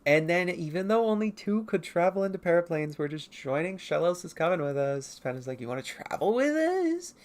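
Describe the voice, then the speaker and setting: Young artist rambling through an old comic on stream, kinda gravelly voice, laughing at themself, home mic. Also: medium pitch, brisk, few pauses. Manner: rambling, self-mocking, briefly acting out character lines. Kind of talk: casual livestream commentary.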